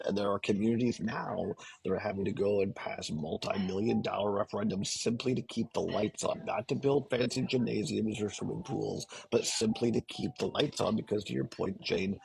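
A man with a deep, rough, raspy voice talks as a guest on a political radio show. He explains things earnestly and stumbles into restarts. The timbre is gravelly throughout. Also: steady tone, normal speed, hardly any pauses, darkish tone, low-quality recording. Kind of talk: political talk radio discussion.

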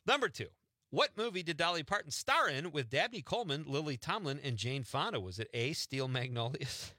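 A man's voice: on the high side, expressive, brisk, bright, forceful tone, dry recording, clean studio sound. A man hosting a radio show, joking and laughing as he runs a quiz with his guest. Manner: playful, laughs often, quizzes his guest. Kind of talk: casual radio chat.

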